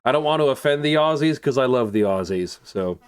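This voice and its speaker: A man's voice: medium pitch, animated, brisk, smooth. Sarcastic young man commenting on a game. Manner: sarcastic, rambling, laughs often. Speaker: gaming YouTuber.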